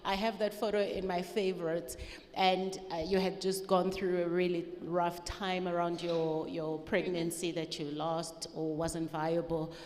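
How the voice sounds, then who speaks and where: A woman's voice: lowish voice, flat delivery, a little slow, darkish tone, in a large hall, slight background noise. A woman giving fond closing remarks at a book launch, reminiscing about the past. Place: live event hall.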